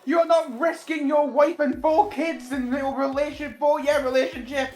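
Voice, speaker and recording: A man voicing a pushy male group leader who eggs a friend on in a high, exaggerated voice. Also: steady tone, normal speed, darkish tone, reverberant. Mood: urging. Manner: high, pleading, exaggerated cheerleading.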